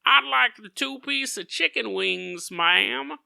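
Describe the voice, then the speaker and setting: A man voicing a cantankerous old diner in a white suit who erupts in loud, cursing outbursts over his food. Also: extremely high pitch, takes it slowly, creaky, clear, resonant tone, no room sound, clean studio sound, voice pushed up, exaggerated voice. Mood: politely ordering.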